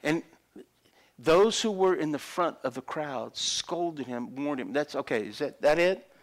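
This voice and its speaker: Middle-aged male pastor, high and very expressive voice, lively storytelling sermon. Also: measured pace. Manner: animated, acts out voices of people in the story.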